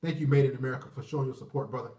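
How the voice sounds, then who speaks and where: A man in his thirties hosting a livestream, ranting with profanity, rambling and mocking voices, giving shout-outs to viewers. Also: medium pitch, rapid-fire, recorded from a distance. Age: 30s. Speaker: livestream host. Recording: roomy echo, away from the mic.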